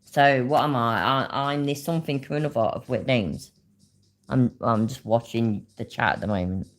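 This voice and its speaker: A woman with a rumbling low voice gives casual reaction commentary as a streamer, speaking at normal speed. She swears a lot, laughs, and reads and talks to her chat.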